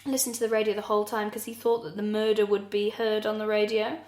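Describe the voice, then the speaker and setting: A woman's voice: medium pitch, flat delivery, fast, darkish tone. Blunt, sweary woman podcaster, echoey room. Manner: blunt, sweary, laughs often. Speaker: podcast co-host. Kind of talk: casual comedic chat.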